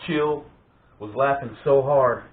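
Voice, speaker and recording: A man hosting a vlog, casually telling family stories in an animated way, often laughing and restarting his sentences. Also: mid-range voice, slow pace. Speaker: vlog host. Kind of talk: casual storytelling of family memories. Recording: tinny phone-like sound in an echoey room.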